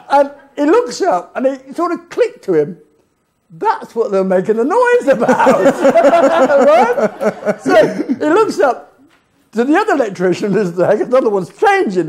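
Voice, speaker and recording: A man's voice: very high voice, darkish tone, slight background noise. A man telling stories on stage as a keynote guest, laughing often as he goes. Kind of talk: anecdotal storytelling on stage. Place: event hall on stage.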